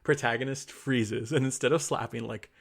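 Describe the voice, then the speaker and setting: A man's voice: medium pitch, fairly even intonation, moderate pace, vocal fry, breathy edge. A man co-hosting a podcast, casually recapping a story with laughter and acting out the characters' lines. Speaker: podcast co-host.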